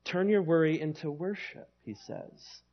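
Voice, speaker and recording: A man's voice: on the high side, sing-song, measured pace, vocal fry. A male pastor preaching a sermon in an emphatic, conversational way that leans on rhetorical questions, in a slightly dull recording.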